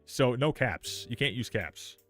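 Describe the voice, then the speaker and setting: A young man livestreaming a game, chatting casually with viewers, swearing freely and reacting loudly while reading patch notes aloud. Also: medium pitch, animated, measured pace, soft background music. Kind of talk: casual live game stream.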